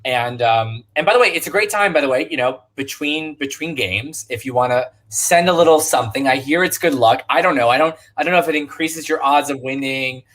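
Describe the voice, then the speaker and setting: A man's voice: medium pitch, fairly quick, hardly any pauses, a bit bright. A man co-hosting a livestream bingo show, upbeat as he asks for tips and thanks supporters. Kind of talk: casual livestream chat.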